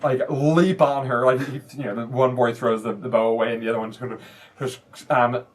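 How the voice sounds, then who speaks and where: A man serving as game master, narrating a tabletop game in a descriptive, halting way. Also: medium pitch, fairly even intonation. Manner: descriptive, halting, full of fillers.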